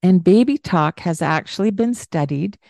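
A woman hosting a parenting chat, calmly explaining and now and then slipping into high sing-song baby talk. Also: normal speed, vocal fry, no echo, studio quality. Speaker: parenting podcast host.

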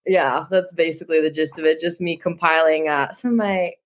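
A young adult woman, an Olympic hockey player appearing as a podcast guest, chats casually and tells stories, laughing often and using lots of fillers. Her voice is deep, a little fast, with fairly even intonation.

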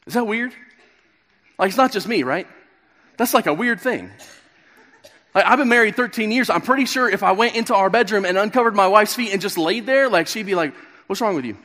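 Pastor in his thirties, high-pitched, animated storyteller, preaching in a big echoing hall. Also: brisk. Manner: storytelling, acts out the characters' lines. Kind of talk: sermon. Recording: long reverb of a large hall.

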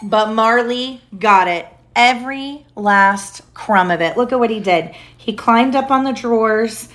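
A woman reading a picture book aloud to her young child, expressive and playful, stopping to ask questions. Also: on the high side.

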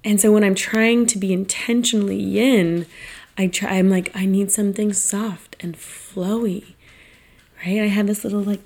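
A woman's voice: medium pitch, darkish tone. A woman in her thirties hosting a podcast, talking in a chatty, reflective monologue with many "like"s and "right?"s. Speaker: podcast host. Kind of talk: casual monologue.

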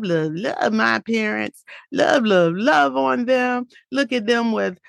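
A woman's voice: medium pitch, no echo, clean studio sound. A woman giving a heartfelt, faith-filled motivational talk in an earnest, reflective way.

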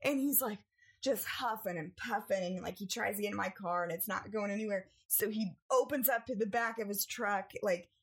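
A young woman in casual storytelling on a podcast, animated and acting out family members as she goes. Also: normal speed, breathy edge. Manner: animated, acts out family members with big pitch jumps. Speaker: podcast co-host.

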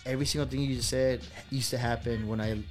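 A man's voice: medium pitch, fairly even intonation, fast. Young guy rambling thru a creepy story, swears a ton, faint music behind. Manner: rambling, swears a lot, many fillers. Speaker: podcast co-host. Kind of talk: casual storytelling.

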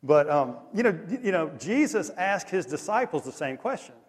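A male pastor with a drawl delivers a sermon in a casual, storytelling way. His voice sits somewhat high, and his loudness swings from hushed to punchy. A long reverb trails every phrase, as in a large hall. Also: moderate pace, husky. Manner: animated, conversational storytelling with lively swings in loudness.

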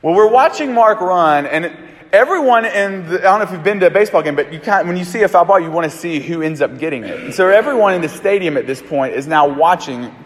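A pastor delivers his sermon like a chatty story told to friends, animated and loose. His man's voice sits fairly high for a man. The sound carries a long echo from a large hall. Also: fast talker. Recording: echoey hall.

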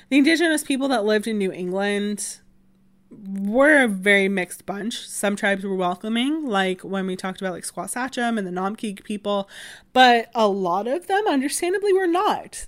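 Woman around 30, history podcast host, casual, filler-heavy delivery, wry asides. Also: mid-range voice. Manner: chatty, many fillers like "like" and "um". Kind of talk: casual explanatory history talk.

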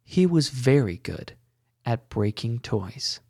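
A man hosting a podcast, narrating a story in a gentle, measured way. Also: medium pitch, sing-song, husky, no room sound, studio quality. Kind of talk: scripted narration.

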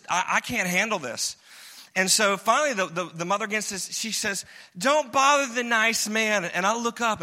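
Male pastor, high and very bright, playful storyteller preaching in a church with a long echo. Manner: storytelling, mimics voices, chuckles often. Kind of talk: humorous sermon. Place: church sanctuary. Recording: long hall reverb.

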